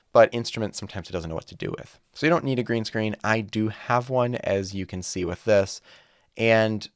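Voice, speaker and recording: A music teacher with a lowish voice casually demonstrates how to set up a virtual classroom in an online tutorial. He records on a studio microphone in a home studio with a green wall, and the sound is clean with no room noise.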